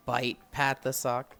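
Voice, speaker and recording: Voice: medium pitch, creaky, a bit bright. A livestreamer chatting casually with viewers, telling stories with frequent sighs and laughs. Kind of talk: casual live-stream chat.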